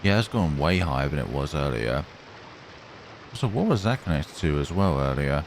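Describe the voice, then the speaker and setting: A man's voice: very deep voice, big pitch swings, normal speed, a little hiss or hum. A man narrating a horror game playthrough, musing and reading the on-screen text aloud. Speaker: gamer. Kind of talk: let's play commentary.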